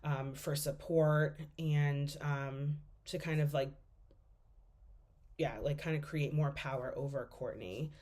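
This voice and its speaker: A woman's voice: low voice, steady tone, slow pace, a little mellow. A young woman giving a class presentation as a student, speaking casually with lots of fillers as she thinks aloud.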